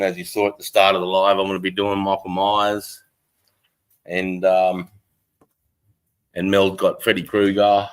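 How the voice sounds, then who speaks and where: A middle-aged Australian man chats loosely on a live stream from his front porch, his voice sitting a little low. He swears freely and greets his viewers one by one by name in an easygoing way. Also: fairly bright tone, low-quality recording. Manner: laid-back, sweary, greets chat by name. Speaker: livestream host. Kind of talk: casual live-stream chat.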